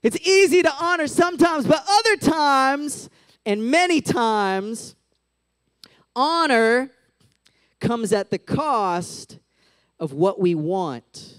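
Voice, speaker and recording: A man with a high, bright voice gives a relaxed, talkative sermon to young people. He speaks in an animated way and keeps tossing in "like" and "right?". The sound is dry and close, with no room echo. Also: slow pace, long pauses, clean tone. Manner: chatty, animated, full of "like" and "right?". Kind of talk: casual sermon.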